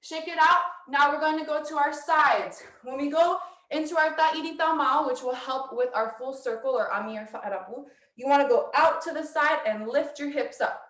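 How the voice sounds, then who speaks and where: High voice lady counting dance steps, kinda breathless, roomy echo, far from the mic. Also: fairly bright tone. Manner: brisk coaching with counted cues. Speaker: dance instructor. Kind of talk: online dance workshop instruction. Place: house.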